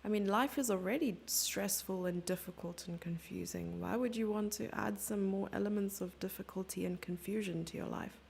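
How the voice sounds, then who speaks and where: A woman streamer talks through a chess game live, thinking aloud over the moves and teasing herself along the way. Her mid-pitched voice has a gravelly edge. She is from Germany and keeps it casual and chatty. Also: moderate pace, hardly any pauses, darkish tone, a little hiss or hum. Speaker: chess commentator.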